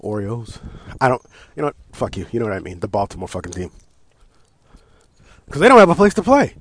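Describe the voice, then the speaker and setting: This American talk-show host, his voice pitched in the middle and moving a little fast, unloads a casual, profane rant about sports. The delivery is loose and full of cursing, laughter, false starts and animated outbursts.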